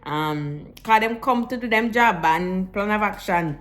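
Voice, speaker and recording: Give me a woman vlogging casually at home, animated, slipping into patois. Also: fairly high pitch, normal speed, few pauses. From Jamaican roots. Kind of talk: casual vlog chat.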